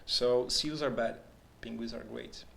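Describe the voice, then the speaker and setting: A man's voice: mid-range voice, fairly even intonation, measured pace, vocal fry, a bit bright, slight background noise. A man with a Polish accent chatting casually and jokingly on a live stream, tripping over and repeating words now and then. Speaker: game developer streamer. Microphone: handheld microphone.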